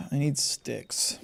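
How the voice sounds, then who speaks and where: A man hosting a gaming channel, giving exasperated, sarcastic let's-play commentary with a lot of swearing. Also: a bit bright.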